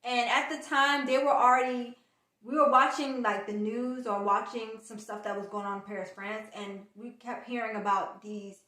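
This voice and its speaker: A woman's voice: a little high, reverberant. A woman vlogger from the United States telling a travel story in a casual, chatty way, acting out the people she quotes. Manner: chatty, animated retelling with quoted dialogue.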